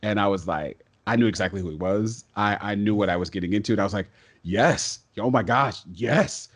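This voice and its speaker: A man with a lowish voice tells stories as a podcast guest. He is talkative and excitable, with quick bursts and frequent restarts. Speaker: guest, stage and voice actor. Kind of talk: casual podcast interview storytelling.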